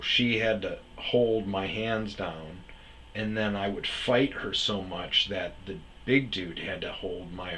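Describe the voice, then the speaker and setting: A man's voice: low voice, fairly bright tone, a little hiss or hum, low-quality recording. A man casually telling his own story as host, rambling and acting out other people's lines.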